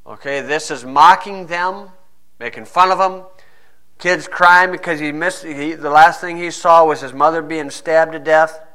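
A man preaching a sermon and reading scripture, emphatic, swinging between quiet asides and loud stressed phrases. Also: fairly high pitch, a little slow.

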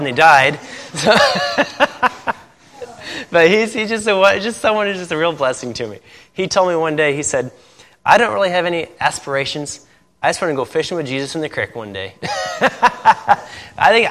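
In a church hall with long reverb, a missionary pastor from Indiana tells stories during a sermon, laughing often at his own tales. His male voice sits a little high and sounds pushed and bright.

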